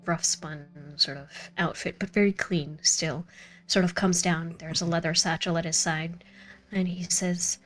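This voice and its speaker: Lady game master, husky and kinda low, chatty narration, faint music behind. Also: fairly even intonation, unhurried. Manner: laughs often, chatty descriptive narration.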